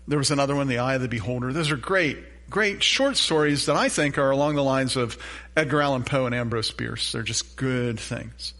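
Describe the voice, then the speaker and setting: A man's voice: mid-range voice, fairly quick, a bit bright. A middle-aged man preaching a sermon as pastor, telling a self-deprecating story and asking the congregation questions.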